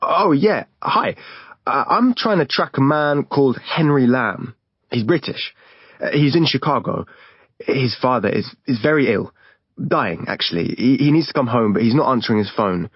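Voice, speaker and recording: A man's voice: mid-range voice, lively intonation, normal speed, husky, dry recording, pitched above the performer's own voice. A man voicing a flustered young man who stammers through awkward phone calls. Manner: hesitant, stammering, overeager. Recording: dull lo-fi recording.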